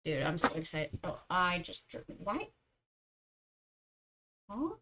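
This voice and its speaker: A woman's voice: on the low side, huge pitch swings, slow, heavy background noise. A young woman streamer chatting casually, rambling through stories and giggling often. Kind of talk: casual chat.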